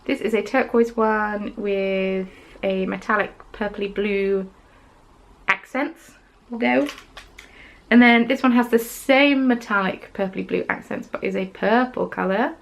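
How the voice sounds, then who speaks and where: A young woman hosts a craft podcast in casual show-and-tell mode, chatty and gushing about each piece. Her mid-pitched voice carries a steady gravelly fry, and she fills the gaps with relaxed ums. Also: measured pace, rough recording.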